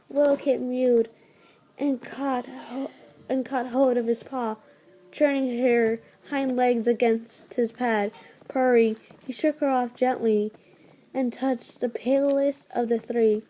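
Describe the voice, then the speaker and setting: A woman's voice: on the high side, steady tone, slow pace, warm tone. Stumbling woman reading a story aloud. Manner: stumbling, with frequent restarts and repeated words. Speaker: channel host reading a book aloud.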